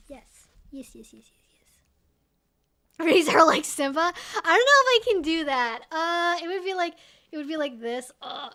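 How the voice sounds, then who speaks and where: High-voiced young woman streamer. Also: lively intonation, moderate pace, bright, forceful tone. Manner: emphatic, chatty, doting baby talk to her pet. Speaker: streamer host. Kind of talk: casual livestream chat. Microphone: desk microphone.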